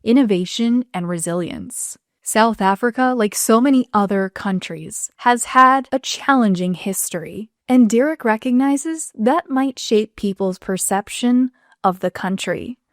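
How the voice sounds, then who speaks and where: A woman narrating a podcast segment in a smooth, measured, scripted read. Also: a little high, expressive, dry recording, studio quality. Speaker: narrator host.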